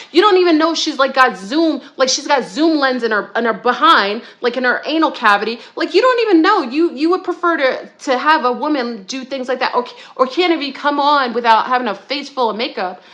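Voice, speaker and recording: A woman hosting a talk show, ranting heatedly and rambling, with restarts and high-pitched outbursts. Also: lively intonation, a little fast, few pauses, sharp tone. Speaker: podcast co-host. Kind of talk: ranting monologue.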